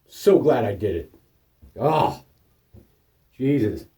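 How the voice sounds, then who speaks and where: A man's voice: mid-range voice, slow pace, far from the mic. Profane, rambling man telling stories. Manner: profane, rambling anecdotes with animated quoted voices. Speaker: vlogger. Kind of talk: casual storytelling monologue.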